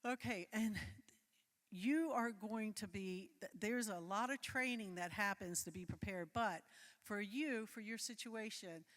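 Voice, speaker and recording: A woman's voice: mid-range voice, a little slow, fairly bright tone, long reverb tail. A woman giving a live security training talk to volunteers, moving through slides in a loose, conversational way and often checking in with her listeners. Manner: loose, filler-heavy phrasing.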